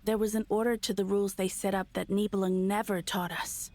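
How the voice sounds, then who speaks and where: Resigned ancient goddess, voiced by a woman, grave and deliberate, mid-pitched, game cutscene. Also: level tone, a little mellow, natural voice.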